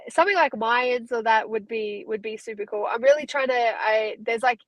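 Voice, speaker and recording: A woman's voice: fairly high pitch, normal speed, no echo, low-quality recording. A woman from Australia with an Australian accent, chatting casually as an interview guest and laughing easily. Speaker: guest, fighter.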